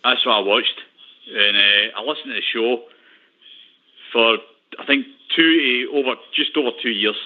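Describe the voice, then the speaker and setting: A man's voice: mid-range voice, moderate pace, long pauses. A Scottish man calling in to a radio phone-in show, chatty and repeating himself. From Scotland. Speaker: caller. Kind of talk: phone-in chat. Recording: tinny phone line.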